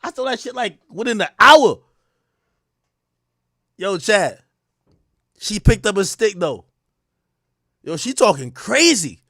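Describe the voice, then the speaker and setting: Excitable high-voiced man reacting on stream. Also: slow pace, pauses often, no room sound, studio quality. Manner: excitable, profane, slangy, repeats himself. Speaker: livestream host. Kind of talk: casual livestream reaction commentary.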